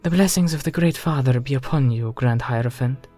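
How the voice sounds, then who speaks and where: A man's voice: mid-range voice, fairly quick, warm tone, faint music behind, close to an everyday voice. A man voicing a poised, graceful queen who speaks graciously in a musical way.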